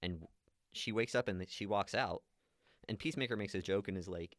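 A man's voice: on the low side, brisk, fairly bright tone, no echo, studio quality. A man chatting casually as a podcast co-host, retelling movie scenes and quoting the characters. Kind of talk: casual chat recapping a movie.

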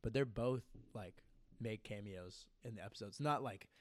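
A young man co-hosts a casual podcast, rambling through stories packed with "like" fillers. His voice sits on the low side and moves at a normal speed.

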